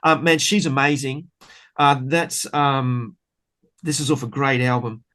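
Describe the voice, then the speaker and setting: A man's voice: mid-range voice, fairly even intonation, measured pace, sharp tone. A middle-aged man chats about music as a guest on a podcast. He talks with easy enthusiasm, drifting between thoughts and filling gaps with "um" and "man.". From Australia. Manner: enthusiastic, rambling, many fillers. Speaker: bass player guest. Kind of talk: casual podcast interview.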